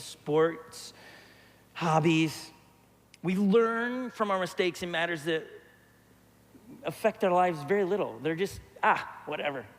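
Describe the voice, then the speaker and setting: A middle-aged male pastor preaching a lively sermon, acting out quotes as he tells stories. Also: high voice. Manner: animated storyteller, acts out quotes. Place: church hall. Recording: long church hall reverb.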